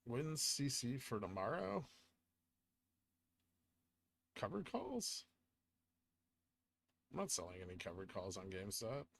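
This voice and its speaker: A man's voice: mid-range voice, big pitch swings, normal speed, vocal fry, fairly bright tone, a little hiss or hum. A man hosting a casual livestream, answering viewer chat questions in a laid-back, offhand way. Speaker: livestream host reading chat.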